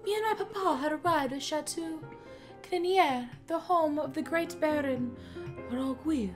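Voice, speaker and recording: A woman's voice: high voice, unhurried, faint music behind. A woman voicing a wistful pampered young cat lady. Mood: recounting. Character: young female cat, a pampered, sighing daughter.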